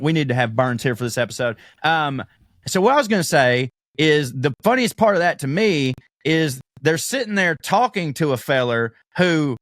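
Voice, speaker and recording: A man's voice: fairly high pitch, a bit bright, no echo, studio quality. Profane man telling stories. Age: 30s. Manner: profane, storytelling, laughs often. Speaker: podcast co-host. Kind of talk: casual chat.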